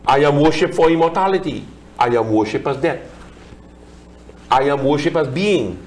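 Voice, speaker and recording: A man's voice: a little high, animated, normal speed, a little mellow. A man, a Hindu pandit explaining scripture in a religious discussion, chanting Sanskrit verses and translating them line by line.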